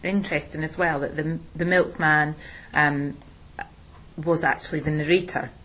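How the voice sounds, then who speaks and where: A woman teacher explaining a play in a relaxed discussion, with plenty of ums and restarts. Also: low voice, moderate pace, poor audio. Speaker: English teacher. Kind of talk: recorded literature lesson discussion.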